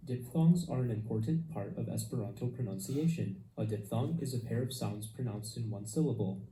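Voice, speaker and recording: A man teaching pronunciation, calm and deliberate, modeling each sound slowly for the learner to repeat. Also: mid-range voice. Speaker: language teacher. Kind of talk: slow instructional narration. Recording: echoey room with faint background noise.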